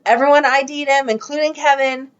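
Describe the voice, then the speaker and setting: A woman's voice: high voice, fairly even intonation, a little fast, a little hiss or hum. A woman co-hosting a fan podcast, chatting casually as she retells the plot step by step. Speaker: podcast co-host. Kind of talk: casual recap chat. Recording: dull lo-fi podcast audio.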